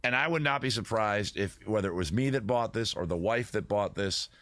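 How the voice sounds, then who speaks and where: A lowish-voiced man hosting a loose livestream from his computer at home. He rambles, reads out chat and fakes outrage at his viewers. The sound is dry and close, with no room around it. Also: brisk, a bit bright, no echo. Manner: rambling, mock-indignant banter with chat. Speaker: livestream host. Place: home setup at a computer with several monitors.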